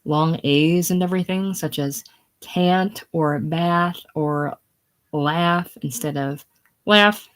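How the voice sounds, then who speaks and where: A woman's voice: deep voice, slow pace. A woman reading the part of an eager, gushing young girl, chatty and effusive. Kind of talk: casual play reading.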